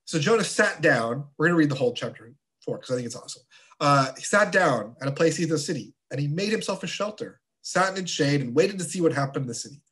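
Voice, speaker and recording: A man teaching a confirmation class of teenagers in a relaxed, chatty way with playful asides. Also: a little high, quick pace. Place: church.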